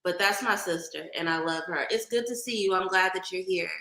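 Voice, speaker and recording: A woman's voice: fairly low pitch, a little fast, sharp tone, roomy sound, poor audio. A woman from Oakland with a light Bay Area accent, chatting casually with viewers on a livestream and greeting them by name. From Oakland, California. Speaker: livestream host.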